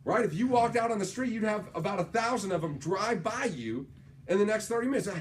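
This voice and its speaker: High-voiced energetic male sales trainer. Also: a little fast, slight background noise. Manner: energetic storyteller, tags lines with "right?". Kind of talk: motivational training talk.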